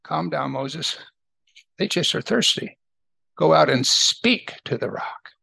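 God as a calm, fatherly and firm male voice, as a man puts him on in a Bible lesson. The voice is quieter and gravelly, with a bright edge. It speaks plainly and without hurry. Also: fairly high pitch, slow pace, dry recording, heavily acted.

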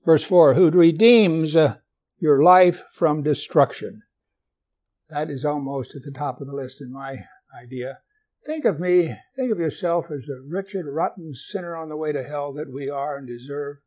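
A man's voice: a little high, a little slow. A man preaching a sermon, reading scripture aloud and asking his listeners questions, with light humor. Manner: asks the congregation questions, jokes gently.

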